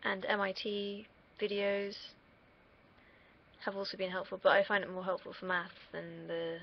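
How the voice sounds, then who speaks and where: A young woman talks straight to camera in a loose, wandering monologue. Her voice is full of vocal fry, and she swears casually and puts herself down. The sound is a bit dull and lo-fi. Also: mid-range voice, level tone, moderate pace, slight background noise. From United Kingdom. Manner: rambling, self-deprecating, swears freely. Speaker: vlogger. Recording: dull lo-fi recording.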